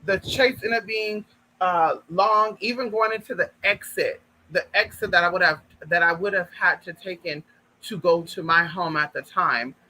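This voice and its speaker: A man telling a personal story to viewers in an animated, profane way, often calling them girl and y'all. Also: high voice, moderate pace, slight background noise, poor audio. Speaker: vlogger. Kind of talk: casual storytime monologue.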